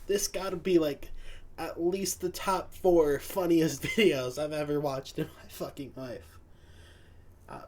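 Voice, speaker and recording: A man's voice: high-pitched, a little mellow. A man reacting casually to a comedy clip, laughing and using slang. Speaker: YouTube reaction host. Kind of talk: reaction commentary.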